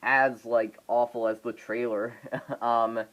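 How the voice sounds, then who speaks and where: A man's voice: medium pitch, level tone, slow pace, fairly bright tone, dull audio. A man talking into his phone camera in a loose, unscripted vlog. He rambles, stalls on fillers and restarts his sentences, with a mid-range voice. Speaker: vlogger reviewing a film. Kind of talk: casual off-the-cuff review.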